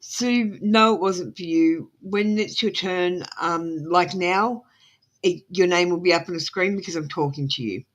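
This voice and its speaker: An Australian woman with a lowish, unhurried voice gives tarot readings on a live stream. Her casual chat rambles and sounds apologetic, full of ums.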